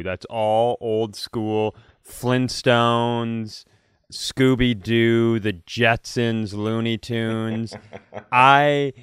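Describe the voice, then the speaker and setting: A man co-hosting a podcast, chatting quickly and laughing easily. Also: medium pitch, a bit bright, clear, resonant tone, no echo, studio quality. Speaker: podcast co-host. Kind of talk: casual comedic chat.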